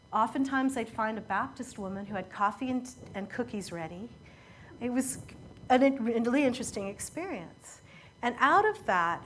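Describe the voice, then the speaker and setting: A woman preaching a sermon, telling a story in an earnest, measured way that often falls quiet at emotional moments. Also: on the high side, a little hiss or hum.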